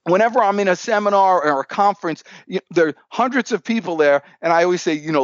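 A man's voice: high voice, fast, hardly any pauses, dry recording, lo-fi sound. A man who is a sales coach, telling upbeat stories in a podcast interview and acting out the dialogue while he stands. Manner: animated, upbeat storyteller who acts out dialogue.

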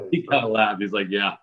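A man who works as an arena announcer, telling stories in a casual interview with animated quoted voices and frequent laughter. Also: lowish voice, highs cut off. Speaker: arena public address announcer.

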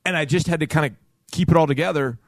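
A man co-hosting a sports radio show, telling stories in an animated way and acting out what people said. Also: a little high, quick pace, no echo. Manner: animated storyteller who acts out quotes. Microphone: studio microphone.

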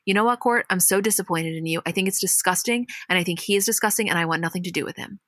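A woman's voice: fairly low pitch, quick pace, a bit bright, no echo, clean studio sound. A woman reading out the lines of a furious young woman confronting her sister, quoting her verbatim. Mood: indignant.

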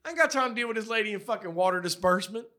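Speaking very fast in a high-pitched, lively voice, a man co-hosting a podcast rattles off profane stories about work. He loudly plays out the people he quotes during the crude, casual chat.

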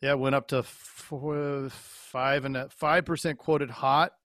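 A man's voice: medium pitch, fairly even intonation, slow, a bit bright, dry recording. A man with a mid-range voice talks through figures on a casual show, stumbling and restarting as he thinks aloud. The recording is dry, with no room sound. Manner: thinking aloud, stammers while reading out data. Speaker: podcast co-host. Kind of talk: casual chat.

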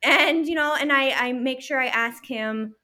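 A woman in her thirties, a working mother, talking earnestly as a guest in a casual interview, animated and quick to laugh. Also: sits high.

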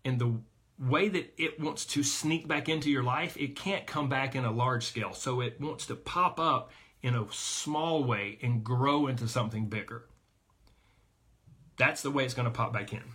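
A man's voice: mid-range voice, moderate pace, sharp tone. A man coaching a weight loss group, talking energetically and emphatically to his listeners.

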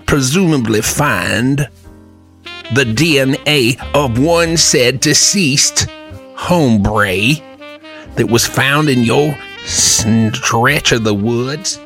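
A man doing a pompous old-timey Southern-gentleman detective, stretching each grand, flowery phrase. The delivery is slow and mock-formal, and faint music plays underneath. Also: medium pitch, full character voice. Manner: drawn-out, florid, mock-formal. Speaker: podcast co-host.

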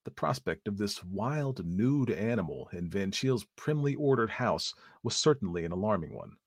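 A man reading a story aloud as narrator in a measured, even manner. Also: on the low side, slightly rough, dry recording, clean studio sound.

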